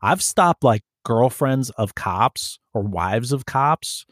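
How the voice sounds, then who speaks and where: Animated and a bit bright at a medium pitch, this man is a police officer chatting casually and telling profane stories. He mimics the people he deals with in quick put-on voices, and the recording is dry and studio quality.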